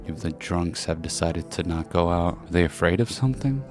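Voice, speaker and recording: A man's voice: low-pitched, lively intonation, a little fast, gravelly, hardly any pauses, over music. A man playing a game and reading its characters aloud, joking and swearing between lines. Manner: goofy, swears and jokes between read lines. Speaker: gaming streamer.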